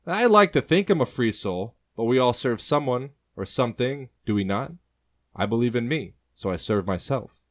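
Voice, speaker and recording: A man voicing a burly, confident seafaring man in a storybook reading, calm and bold. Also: medium pitch, normal speed, voice pushed up, lightly acted.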